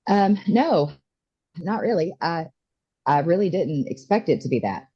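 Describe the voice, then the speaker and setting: A woman in her forties speaks in a mellow, slightly husky voice. She talks with feeling, often stopping and starting again. The audio sounds dull and lo-fi. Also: lowish voice, lively intonation. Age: 40s. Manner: emotional, halting, many restarts. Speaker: interview guest. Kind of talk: candid personal story.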